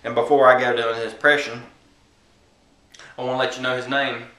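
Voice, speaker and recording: A boastful man spins a playful comic tale for his followers, full of swagger. His voice is bright and forward. It sounds roomy, captured by a camera mic a few feet away. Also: medium pitch, flat delivery, brisk, recorded from a distance. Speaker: comedy vlogger.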